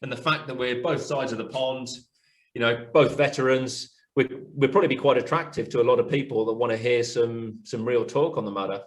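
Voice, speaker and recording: A British man, a coach and former forces fitness instructor, chatting over a video call in a quick, excitable way. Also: medium pitch. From United Kingdom. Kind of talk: casual video call chat.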